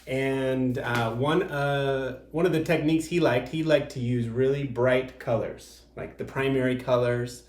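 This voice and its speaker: A man's voice: mid-range voice, fairly even intonation, a little slow, few pauses, a little mellow. Patient man teaching kids art, echoey room. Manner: patient step-by-step explaining with fillers. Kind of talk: video art lesson for young children.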